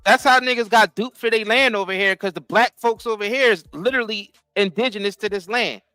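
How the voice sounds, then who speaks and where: A man's voice: sits high, a little fast, pushed and bright, smooth, dry recording, faint music behind. A man co-hosting a podcast, talking in a casual, emphatic, profane way. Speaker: podcast co-host. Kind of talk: casual chat.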